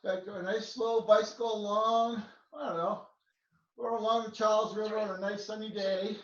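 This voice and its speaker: A male fitness instructor counting slow exercise reps and joking between counts. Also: high-pitched, fairly even intonation, echoey room, recorded from a distance, highs cut off. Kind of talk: counting reps in a workout class.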